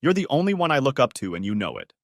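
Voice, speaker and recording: A man voicing a former special forces officer who reassures his wife in an earnest, steady way. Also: mid-range voice, quick pace, dry recording, clean studio sound, pitched above the performer's own voice.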